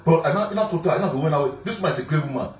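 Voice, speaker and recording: A man with a Nigerian accent and a rather high, lively voice races through a casual direct-to-camera monologue, speaking emphatically, repeating himself, and filling gaps with "you know." The recording has an echoey room, a distant mic, and faint music.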